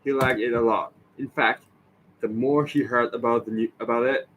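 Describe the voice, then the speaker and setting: A man practicing English pronunciation aloud, slowly repeating and correcting words. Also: medium pitch, steady tone, a bit bright, a little hiss or hum, rough recording.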